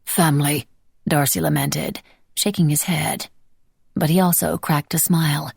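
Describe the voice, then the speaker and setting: A woman narrating an audiobook in a measured storytelling manner. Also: deep voice, fairly even intonation, vocal fry, a little mellow, slightly rough, no echo, studio quality.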